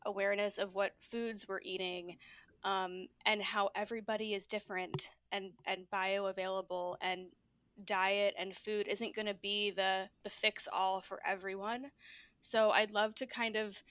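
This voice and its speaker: A woman's voice: mid-range voice, level tone, measured pace, fairly bright tone, no room sound. A woman hosting a casual podcast conversation, rambling along with lots of fillers and "like"s. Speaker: podcast host.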